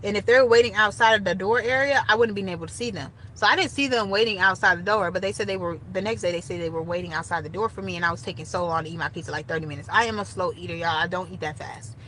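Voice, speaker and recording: A young woman casually telling a story straight to her viewers, animated and chatty. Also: lowish voice, fast, few pauses, a little hiss or hum, low-quality recording. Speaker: storytime vlogger.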